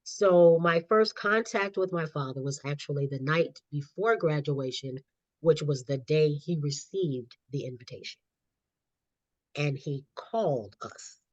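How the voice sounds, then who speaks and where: A woman's voice: low voice, measured pace, a little mellow, dry recording. A middle-aged woman, a guest author and counselor, telling her own story animatedly in a podcast interview and laughing often. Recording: slightly dull lo-fi audio.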